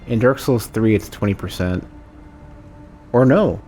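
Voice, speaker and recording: A man's voice: lowish voice, a little slow, darkish tone, a little hiss or hum. A man streaming a video game, thinking aloud about damage numbers and reacting as he plays in casual commentary.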